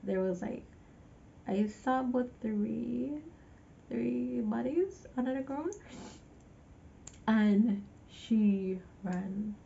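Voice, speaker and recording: A woman's voice: a little high, extremely slow, vocal fry, long pauses, warm tone, lo-fi sound, slight background noise. A woman giving a casual movie recap, chatty, with exasperated asides to the viewer. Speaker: movie reviewer.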